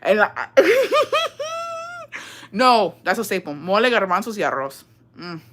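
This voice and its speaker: Bright-voiced young woman telling a profane story. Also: medium pitch, fairly quick, a little hiss or hum. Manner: profane, animated, mixes in Spanish phrases. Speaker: livestreamer. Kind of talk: casual storytelling to viewers.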